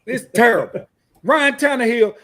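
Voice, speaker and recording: A man's voice: very high-pitched, lively intonation, normal speed, crowd noise. A man from Tennessee, co-hosting a sports podcast, ranting and cursing in heated casual talk. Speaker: podcast co-host.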